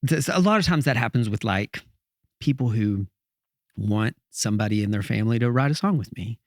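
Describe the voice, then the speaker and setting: A songwriter guest on a podcast who talks earnestly and reflectively and thinks aloud. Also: male voice, lowish voice, animated, a little fast, darkish tone, no room sound, studio quality. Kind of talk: casual interview conversation.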